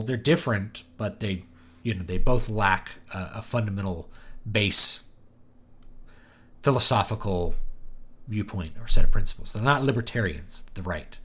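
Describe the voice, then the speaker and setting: A man hosting a writing livestream, answering chat questions in a halting, thinking-aloud way with many pauses. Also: medium pitch.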